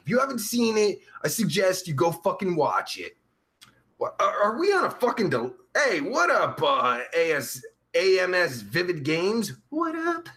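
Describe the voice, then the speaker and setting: Casting: a man playing a crude, foul-mouthed streamer, high, bouncy voice, slow delivery. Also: a bit bright. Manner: profane, crude, rambling. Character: crude vulgar man livestreamer, Pervert Pete. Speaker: livestream host. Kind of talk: live chat comedy stream.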